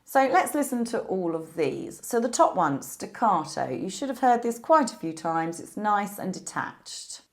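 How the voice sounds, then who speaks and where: A woman teaching a beginner piano lesson, explaining musical symbols patiently and clearly. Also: medium pitch, big pitch swings, moderate pace, hardly any pauses.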